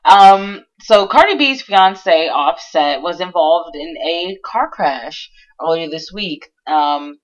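Young woman podcast host, relaxed and unhurried, lower voice, easy laughs. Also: muffled recording. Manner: giggly, chatty, fillers like um and you know. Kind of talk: casual chat.

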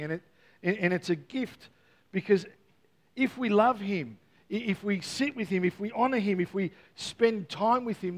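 A man preaching a Christmas Eve sermon, earnest and repeating key words, with playful joking asides to the congregation. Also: sits high. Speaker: pastor.

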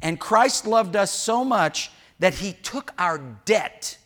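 Bright-voiced preacher man, candid and joking. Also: sits high, expressive, slow. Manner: candid, joking asides with acted-out quotes. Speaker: pastor. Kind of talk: sermon. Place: church.

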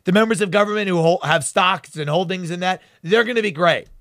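A man's voice: high voice, a little fast, a bit bright, no echo, clean studio sound. A man hosting a talk show, delivering fiery, emphatic and sarcastic political commentary.

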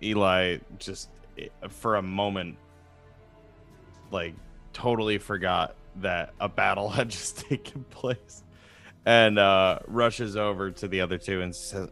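Guy at a tabletop game, kinda low voice, lots of ums and uhs. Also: fairly even intonation, unhurried, fairly bright tone, faint music behind. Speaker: player. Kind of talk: tabletop role-play chat.

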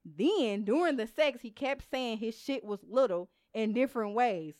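A woman's voice: a little high, lively intonation, moderate pace, a little mellow, no room sound, studio quality. A woman co-hosting a casual podcast, reading a listener's email aloud in a blunt, profane way and laughing often. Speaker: podcast co-host.

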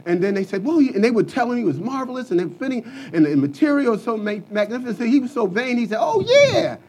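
A male preacher delivering a lively, folksy sermon, swinging between hushed talk and shouting. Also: sits high, quick pace, a little hiss or hum.

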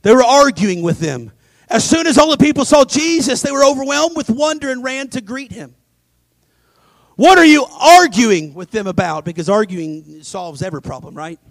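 A male pastor preaching a dramatic sermon, swinging between loud emphasis and hushed asides. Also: very high voice, sing-song, brisk, dry recording. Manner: acts out scripture voices.

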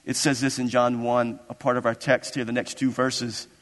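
A man's voice: mid-range voice, flat delivery, moderate pace, fairly bright tone, in a large hall. A man preaching a sermon as pastor, impassioned and building into emphatic, repeated declarations.

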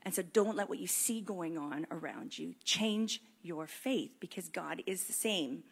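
A woman's voice: on the low side, unhurried, creaky, slightly rough. A woman preaching a sermon in a casual, earnest way, reading scripture aloud and talking it through with many fillers.

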